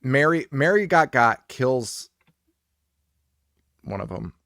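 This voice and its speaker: A man co-hosting a podcast, chatting casually and excitedly about a horror movie, swearing often. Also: mid-range voice, slow, no room sound, studio quality. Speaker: podcast co-host.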